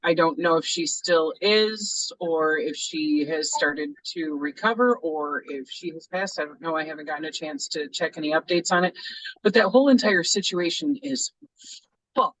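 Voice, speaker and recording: A man's voice: a little high, moderate pace, a bit bright, distant mic, slight background noise, rough recording. A man hosting a discussion, talking bluntly with heavy swearing. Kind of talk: casual discussion.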